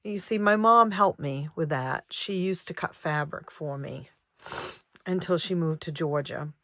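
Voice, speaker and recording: An older woman in her sixties talks slowly and haltingly into her vlog, pausing on ums and starting her sentences over. Her voice sits a little low and sounds reflective and emotional. The sound is close and dry. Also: sharp tone, dry recording. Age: 60s. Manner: halting, with many ums and restarts. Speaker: savings vlogger. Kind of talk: personal vlog chat.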